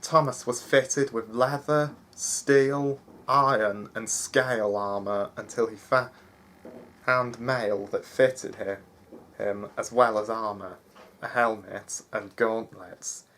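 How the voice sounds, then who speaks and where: A man reading a fantasy story aloud in a halting way, with frequent restarts. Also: fairly low pitch, steady tone, fairly bright tone, a little hiss or hum. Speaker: narrator.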